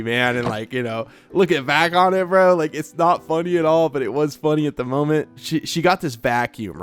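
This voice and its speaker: A young man chats casually as he plays, wandering through a story from his school days with plenty of filler words. His voice sits at an everyday middle pitch, with soft music playing quietly behind him. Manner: rambling, laid-back, full of "like" and "bro". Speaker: gaming streamer.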